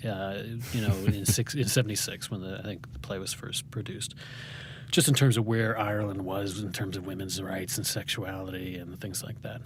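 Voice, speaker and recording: American guy rambling through a story, lots of ums, lowish voice, faint hiss behind. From United States. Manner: rambling and self-deprecating, with many fillers and restarts. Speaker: guest playwright. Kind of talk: conversational interview.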